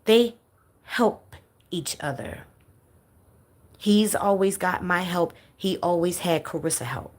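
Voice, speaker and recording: A woman's voice: lowish voice, animated, slow pace. A woman hosting a livestream, talking bluntly and with profanity, close to tears as she vents to viewers. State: close to crying. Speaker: livestream host. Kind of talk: emotional livestream chat with viewers.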